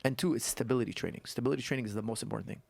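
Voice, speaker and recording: A man who is a guest coach on a podcast, telling stories and explaining technique in an animated way that repeats points for emphasis. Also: medium pitch, rapid-fire, creaky, breathy edge, no echo. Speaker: guest martial arts coach. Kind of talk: casual podcast conversation.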